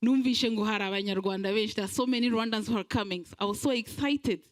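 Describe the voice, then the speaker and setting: A Belgian woman appears as a guest speaker at a community event, delivering an earnest, halting speech with frequent pauses as she searches for words. Her voice is medium-pitched and the recording is rough.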